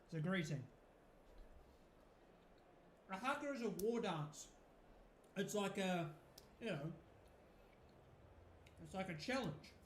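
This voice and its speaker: A man's voice: high-pitched, expressive, takes it slowly, long pauses, echoey room, slight background noise. A man with a New Zealand accent, chatting casually through a live football watch-along, rambling and swearing freely. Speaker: football fan streamer.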